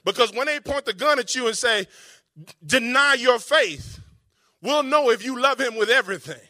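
A man with a high, bright voice preaching a sermon. He talks to the congregation like a conversation, then slows right down to lean on every quoted verse. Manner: emphatic, conversational preaching with dramatic pauses and slowed quotes.

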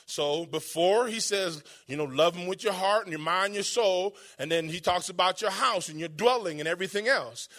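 A man with a high, bright voice preaching a sermon. He talks to the congregation like a conversation, then slows right down to lean on every quoted verse. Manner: emphatic, conversational preaching with dramatic pauses and slowed quotes.

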